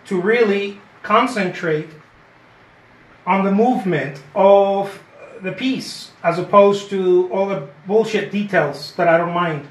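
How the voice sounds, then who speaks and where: A man's voice: sits high, takes it slowly. A man giving a live painting lesson, chatty and encouraging, repeating his points and often asking "okay?". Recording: roomy echo.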